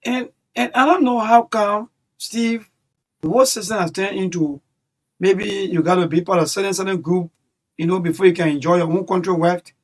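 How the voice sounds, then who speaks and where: A man's voice: high voice, steady tone, normal speed. A man chatting about politics, hesitant and stammering, often pleading. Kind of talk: casual political chat.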